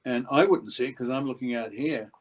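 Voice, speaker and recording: An older man, an actor being interviewed, telling behind-the-scenes stories and acting out quotes with sudden loud outbursts. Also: medium pitch, brisk, poor audio. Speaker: actor guest. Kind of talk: anecdotal interview storytelling.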